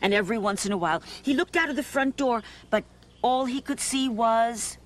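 A woman's voice: on the high side, brisk. A woman who hosts a children's television show, telling a story to young viewers and teaching them a dance in a playful, sing-song way.

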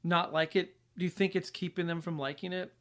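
A man's voice: high voice, steady tone, brisk, a bit bright. A man co-hosting a podcast, chatting casually about a film and using lots of fillers. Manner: casual, filler-heavy with many likes. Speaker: podcast co-host.

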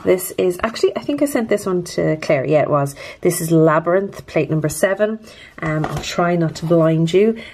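A woman's voice: fairly low pitch, animated, normal speed, a little mellow, a little hiss or hum. A woman chatting to camera close up about her nails, nervous but upbeat and self-deprecating. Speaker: nail art vlogger. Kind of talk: casual chat to camera.

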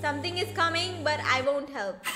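A young woman streaming a horror game, talking loudly and excitably, swearing and sometimes screaming. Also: sits high, moderate pace, very noisy. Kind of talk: let's play commentary. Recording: game music behind her voice.

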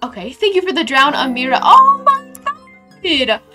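A young woman streaming a game, chatting casually and reading her chat aloud with sudden excited squeals. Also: high-pitched, fairly quick, faint music behind.

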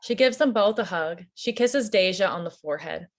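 A woman's voice: fairly low pitch, lively intonation, normal speed, slight background noise. A woman reading stage directions in a livestreamed play, matter-of-fact.

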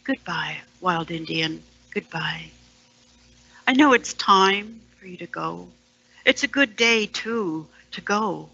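A woman performing a poem as a storyteller, sardonic and dropping into hushed whispered asides. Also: on the low side, takes it slowly, creaky, slightly rough, no room sound, highs cut off. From Canada, Ontario. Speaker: storyteller and poet. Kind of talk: dramatic poetry performance.

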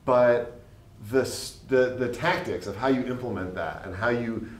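A man in his late 20s, serving as a state legislator, gives an earnest, meandering, filler-heavy answer at a panel. He speaks in a mid-range voice at a moderate pace, recorded in an echoey event room with a little background noise.

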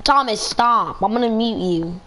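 A woman's voice: fairly high pitch, a little slow, bright, forceful tone, slight background noise. A woman hosting a game server, chatting casually over voice chat and sternly ordering other players around.

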